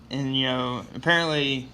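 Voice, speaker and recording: A man's voice: mid-range voice, pushed and bright, a little hiss or hum. A man casually recapping a comic book issue with loose, profane storytelling and lots of fillers.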